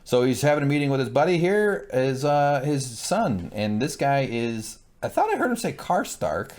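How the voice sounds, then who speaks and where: A man's voice: mid-range voice, sing-song, normal speed, darkish tone. A young adult man co-hosting a casual TV recap, swearing and acting out characters in exaggerated voices. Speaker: co-host.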